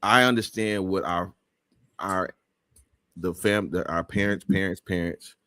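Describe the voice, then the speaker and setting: A man's voice: deep voice, steady tone, unhurried, sharp tone, no room sound, studio quality. A man hosting a live talk show, speaking in an emphatic, preachy way with many restarts.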